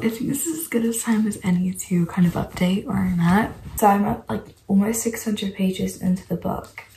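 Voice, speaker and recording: A young woman chatting casually in a reading vlog, gushing and excitable, full of "like" fillers. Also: medium pitch, normal speed, creaky, faint music behind, poor audio. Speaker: book vlogger.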